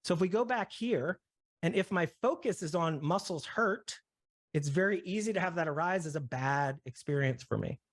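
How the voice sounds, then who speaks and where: Brief: male presenter, explanatory, higher-pitched, dry close mic, frequent check-in questions. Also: expressive, moderate pace, no room sound. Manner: checks in often with "right?" and "okay?", builds everyday examples. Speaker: session presenter. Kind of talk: explanatory talk to a discussion group.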